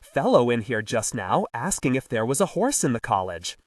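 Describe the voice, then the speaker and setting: A man reading the part of a large, unflappable college porter with a dry, deadpan manner. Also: mid-range voice, moderate pace, dry recording, far from the mic, lightly acted.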